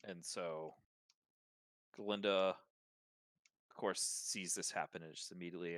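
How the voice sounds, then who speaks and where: A man's voice: deep voice, steady tone, unhurried, pauses often, a bit bright, no echo. A man narrating as game master of a tabletop game, describing scenes with fillers and restarts.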